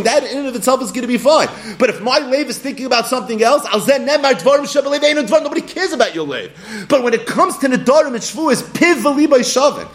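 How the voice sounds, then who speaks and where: A man teaching a Talmud lecture, animated, acting out little scenes and laughing often. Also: very high voice. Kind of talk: yeshiva-style Talmud lecture.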